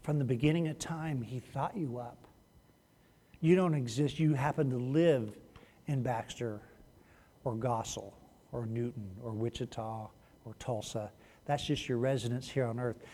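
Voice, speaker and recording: Animated male pastor in a reverberant church. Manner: animated, swings between loud emphasis and hushed lows; demonstrative, talks to the congregation directly. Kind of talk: sermon. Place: church sanctuary. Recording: long reverb of a large church hall.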